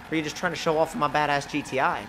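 A man giving excitable, jokey, rambling commentary while playing a racing game. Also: a little high, fast talker, a little hiss or hum. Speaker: gaming channel host. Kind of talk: gameplay commentary.

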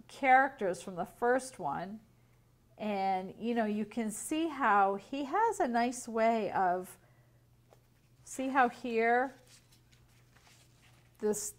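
A woman teacher reading a picture book aloud to young children, gently explaining and asking questions. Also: on the high side.

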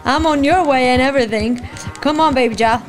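A woman hosting a let's-play video, giving excitable, playful reaction commentary and teasing the game characters. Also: high voice, fairly quick, faint music behind. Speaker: gaming video host.

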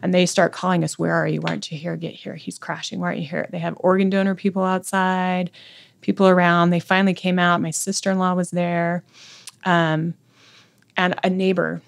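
A middle-aged woman with a lowish, gravelly voice, talking as a podcast guest. She recounts events vividly and intensely, acting out what people said. Her tone stays conversational throughout. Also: flat delivery, a little fast. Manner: intense, vivid retelling with quoted speech. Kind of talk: conversational storytelling.

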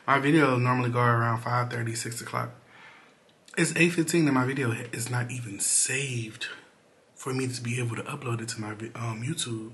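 A man's voice: medium pitch, a little fast, background noise. A man from Detroit, Michigan, talking candidly to camera in a casual vlog about his small business. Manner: candid and chatty, with bursts of excitement. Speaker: vlogger and small business owner.

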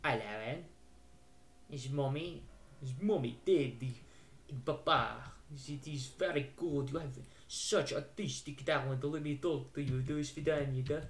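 A man voicing a stiff Russian-accented adult who speaks halting, broken English. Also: a little high. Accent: put-on Russian. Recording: roomy with faint noise.

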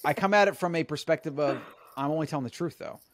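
A man's voice: a little high, quick pace, slight background noise. A man hosting a podcast, telling stories in a boastful, rambling way, full of restarts. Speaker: podcast host. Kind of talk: casual chat.

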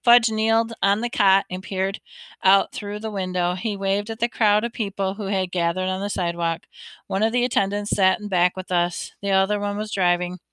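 A woman narrating a children's storybook aloud, in an expressive read-aloud manner. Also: medium pitch, normal speed, clean tone, no room sound. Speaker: audiobook reader.

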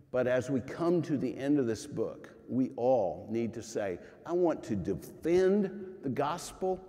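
A male pastor preaching a sermon at a slow, measured pace, his mellow voice rising with emphasis and falling to near hush. The sound rings with the long reverb of a church sanctuary. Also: medium pitch. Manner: earnest, emphatic preaching with dramatic rises and soft drops.

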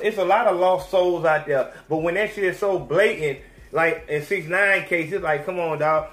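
High-voiced man on a profane rant. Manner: animated, slangy, heavy swearing. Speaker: podcast host. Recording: roomy echo.

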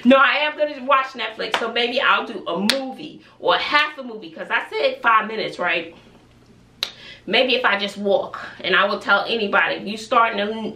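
A woman's voice: on the high side, sharp tone, recorded from a distance. A woman, a family vlogger chatting casually to camera and musing aloud to herself in her bedroom at home. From Texas. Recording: echoey room, voice off-mic, faint noise.

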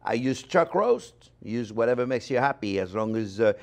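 A man with a French accent hosting a cooking show, teaching a recipe in a chatty, animated way with playful exclamations. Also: mid-range voice, moderate pace, creaky. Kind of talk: casual cooking demonstration.

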